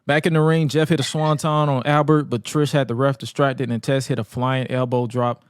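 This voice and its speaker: A man co-hosting a podcast, recapping old wrestling episodes in a casual, animated way, laughing often and acting out quotes. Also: mid-range voice, a little fast, clean tone, no echo, studio quality. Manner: animated, acts out quotes in exaggerated voices. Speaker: podcast co-host.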